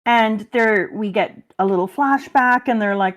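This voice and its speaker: This live stream co-host speaks at a moderate pace with a fairly high pitch, a steady tone and few pauses. Chatting casually and animatedly, she laughs often and acts out quotes.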